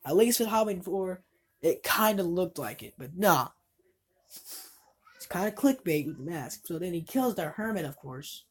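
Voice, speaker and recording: Husky-voiced woman ranting about movies. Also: fairly low pitch, expressive, measured pace. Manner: rambling, exasperated, swears freely. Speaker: horror movie reviewer. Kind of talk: casual spoken movie review.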